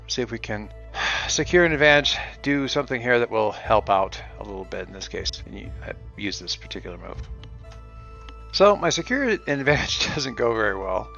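A man's voice: medium pitch, vocal fry, fairly bright tone. A man narrating a solo tabletop role-playing game in a wry storytelling manner, on a dull recording with faint music.

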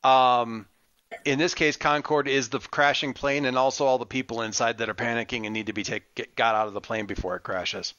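A man's voice: mid-range voice, steady tone, fairly quick, fairly bright tone, no echo. A man narrating as game master of a tabletop game, rambling with many fillers and restarts, over an online voice call. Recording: muffled lo-fi voice chat.

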